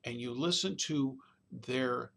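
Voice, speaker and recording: A man at a middle pitch delivering a recorded college lecture. He talks conversationally and keeps checking in with "okay?" and "all right?". Now and then he imitates a baby's babble. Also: takes it slowly, gravelly, fairly bright tone. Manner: demonstrates baby babbling sounds.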